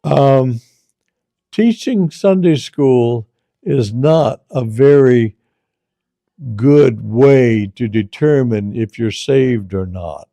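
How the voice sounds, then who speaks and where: A man hosting a channel, telling stories in a slow, deliberate way and repeating phrases for emphasis. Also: mid-range voice, creaky, dark tone, no room sound. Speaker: storyteller host. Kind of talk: casual spoken storytelling.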